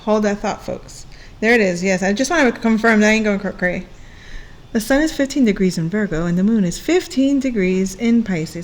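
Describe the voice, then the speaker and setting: A woman's voice: mid-range voice, moderate pace, slight background noise. A woman giving a casual astrology reading, chatty and playful, breaking into laughs and bits of song. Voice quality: playful, chatty, laughs often and sings along. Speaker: astrology reader.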